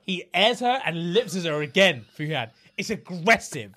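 A man chats on a podcast, his voice sitting a touch high. He tells stories in an animated way, packs them with slang and laughs often. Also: unhurried. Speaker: podcast co-host. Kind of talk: casual chat.

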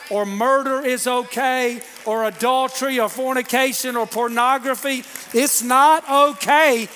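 High-voiced preaching man, long church reverb. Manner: preaching with call-and-response to the congregation; builds to shouting peaks. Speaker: pastor. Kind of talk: sermon. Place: church sanctuary.

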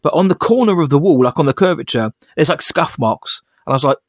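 A man co-hosting a casual podcast chat, talking in a rambling, animated way with many restarts. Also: a little high, fast talker, dry recording, studio quality. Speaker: podcast co-host.

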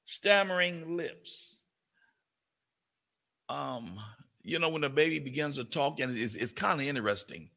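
Older pastor, bright gravelly voice. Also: male voice, a little high, animated, a little slow, long pauses. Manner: folksy, calls on listeners, puts on a cooing grandparent voice. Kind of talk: Bible study sermon.

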